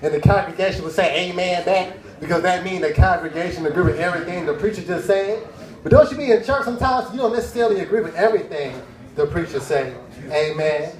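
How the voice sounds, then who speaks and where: A man's voice: high-pitched, quick pace, reverberant, rough recording. A young man doing a laid-back stand-up routine on a cafe stage, with laughing asides. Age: young adult. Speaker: stand-up comedian.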